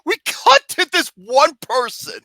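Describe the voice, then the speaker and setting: This is a host in the middle of a comedic review rant, cursing freely and laughing at their own jabs. Their pitch leaps around constantly, and the tone is bright and cutting. The recording is dry and close. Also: slow pace, no room sound. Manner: animated, laughing, swearing, sarcastic.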